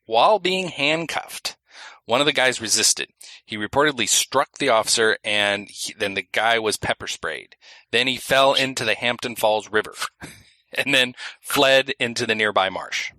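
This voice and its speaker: Laughing podcast co-host with a bright, forceful voice. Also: male voice, medium pitch, moderate pace, no room sound, poor audio. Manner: laughs often, reads news stories aloud. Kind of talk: casual podcast chat.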